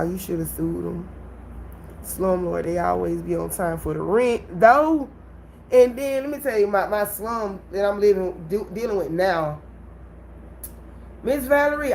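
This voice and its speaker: A woman hosting her own livestream, telling a personal story in an animated way and talking straight to her viewers. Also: mid-range voice, a little hiss or hum, poor audio. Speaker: livestream host. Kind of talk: casual livestream venting.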